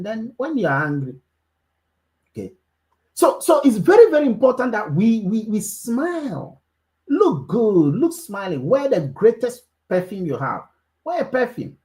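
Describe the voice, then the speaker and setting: A woman's voice: medium pitch, warm tone. A woman, leading a network marketing group call with a preachy motivational speech that repeats key phrases for emphasis. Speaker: network marketing team leader.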